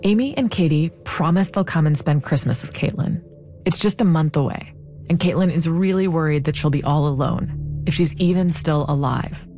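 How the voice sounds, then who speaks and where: A woman tells a true story in scripted, measured narration. Her voice is low and mellow, with a dark tone. Soft music sits faintly underneath. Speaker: podcast narrator.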